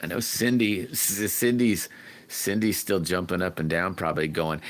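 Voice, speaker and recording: A man hosting a casual livestream, chatting to viewers and greeting them by name in a rambling, friendly way, sometimes whooping loudly. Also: low-pitched, steady tone, moderate pace. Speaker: livestream host. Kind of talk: casual livestream chat reading viewer comments.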